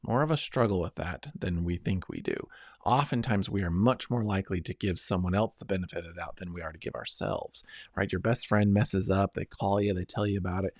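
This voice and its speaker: In a low voice and at a fairly quick pace, a middle-aged man teaches an earnest self-help lesson, guiding listeners step by step. He often checks in with "right?" and "okay?", and the recording is dry and studio quality.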